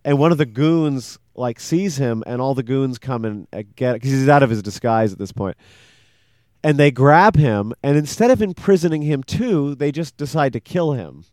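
A man co-hosting a casual podcast who tells a story in a rambling, animated way. His voice sits at a middle pitch. The sound is dry and close. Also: normal speed, no echo. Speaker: podcast co-host. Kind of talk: casual chat.

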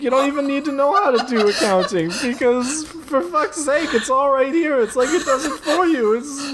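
A bawling, self-pitying tree blob monster rants in a shrill, cracking voice far above a normal man's, as a man puts him on for a spoken story. He curses, stammers and whines, his pitch swooping around wildly. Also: very noisy. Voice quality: shrill, yelling, whiny. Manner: ranting and sobbing, cursing, stammering. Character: angry sobbing male tree blob monster, self-pitying failed accountant.

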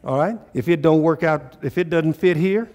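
Man preaching, call-and-response, fairly high pitch, builds to loud urgent exhortation. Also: moderate pace, highs cut off. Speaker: pastor. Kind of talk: sermon.

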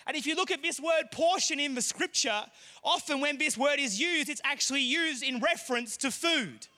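High, bright-voiced male preacher. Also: moderate pace. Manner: animated storytelling, rising to shouts. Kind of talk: sermon with a personal story.

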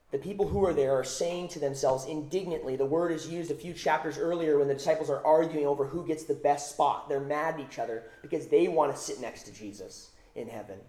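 Male pastor, mellow voice slightly high, emphatic sermon delivery, roomy echo. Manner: emphatic, repeats phrases for stress.

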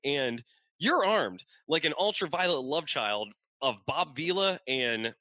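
A cocky masked antihero voiced by a man in a raised, lively voice, full of jokes and flirting. He rambles from one gag to the next. The sound is dry and close. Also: a little high, unhurried, dry recording. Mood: joking.

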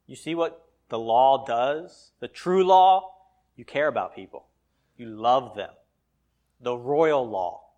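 A male pastor preaching a sermon, swinging between loud emphatic lines and quiet asides. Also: mid-range voice, lively intonation, slow pace, pauses often.

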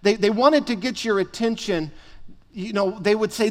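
A man with a notably high voice delivers a sermon from the pulpit. He stresses key phrases by saying them twice. His words ring out with a long reverb from a large hall. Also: moderate pace. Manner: emphatic, repeats phrases for stress. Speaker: pastor.

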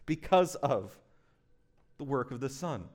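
A man in his thirties preaching a sermon as pastor, moving between slow, soft emphasis and quick, chatty storytelling with frequent asides to the congregation. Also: mid-range voice, lively intonation. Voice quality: conversational with frequent "right?" asides.

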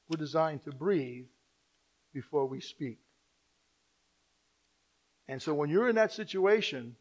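A male pastor preaching a sermon, swinging from loud emphatic lines to quiet asides. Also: a little high.

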